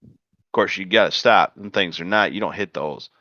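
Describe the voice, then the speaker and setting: A man co-hosting a casual podcast, telling a long joke in an animated way with stammered restarts. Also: low-pitched, moderate pace, no echo. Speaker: podcast co-host. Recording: dull lo-fi dry podcast audio.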